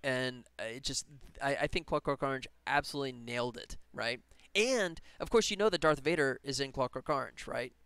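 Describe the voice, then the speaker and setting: A man's voice: mid-range voice, a little fast, hardly any pauses, fairly bright tone, clear, resonant tone, dry recording. A man chatting casually on a live stream while working on a game, rambling and laughing as he talks. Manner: rambling, enthusiastic, laughs often.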